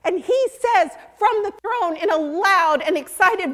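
An older woman preaching a sermon, earnest and emphatic, sometimes dropping to a hush. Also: very high-pitched, measured pace, hardly any pauses. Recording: long hall reverb.

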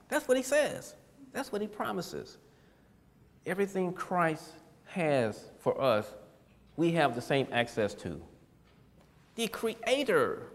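Animated folksy man preaching. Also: a little high, in a large hall. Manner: folksy and animated, laughs at his own points. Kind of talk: casual sermon.

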